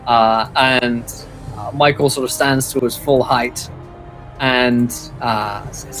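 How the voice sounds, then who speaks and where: Game master man narrating with soft music behind. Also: medium pitch, fairly even intonation, takes it slowly. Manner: casual with many fillers.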